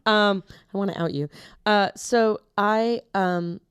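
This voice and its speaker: A woman's voice: medium pitch, takes it slowly, clear, resonant tone. A young woman co-hosting a podcast in casual chat, rambling and losing her train of thought. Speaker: podcast co-host.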